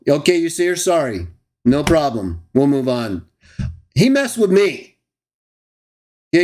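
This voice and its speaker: A man hosting a live stream, ranting and mocking his critics with scornful laughs. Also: high-pitched. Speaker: host of a live stream show. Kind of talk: heated live stream rant.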